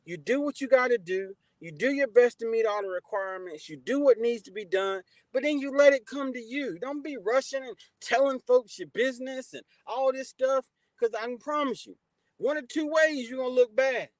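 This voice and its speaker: High-voiced man hosting a casual livestream. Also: moderate pace, no room sound, low-quality recording. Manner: shouts out chat viewers warmly by name, preachy advice. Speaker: livestream host.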